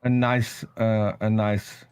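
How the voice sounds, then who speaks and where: A man's voice: on the low side, level tone, slow pace, a little mellow, clean tone. A man from the Netherlands, teasing and hesitant in a casual live chat. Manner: teasing, hesitant, restarts sentences.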